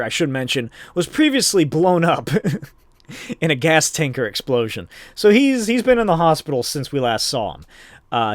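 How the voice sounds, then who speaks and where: A man's voice: on the high side, no echo, clean studio sound. A man hosting a podcast, recapping a comic book in a casual, rambling way with lots of filler words. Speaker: podcast host.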